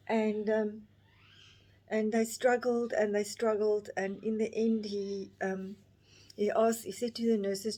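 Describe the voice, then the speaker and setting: Woman, 50s, personal vlog story, halting, emotional, many restarts, mid-pitched voice. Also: warm tone. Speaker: vlogger.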